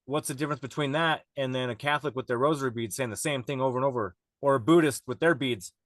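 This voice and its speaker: A man's voice: medium pitch, quick pace, a bit bright, no room sound. A man guest on a podcast, telling a wild story in a rambling, profane way with frequent laughs. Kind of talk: casual storytelling chat.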